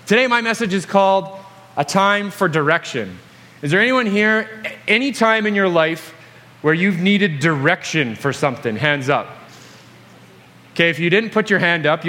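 A man preaching a sermon, retelling a story with jokes and lively, animated asides. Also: a little high.

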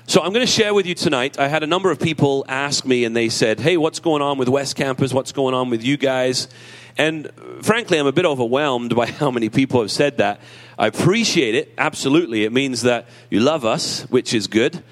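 Tearful man preaching conversationally. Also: fairly quick. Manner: emotional, conversational preaching with self-deprecating humor; rises in pitch and emphasis when reading scripture. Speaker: pastor. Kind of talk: sermon.

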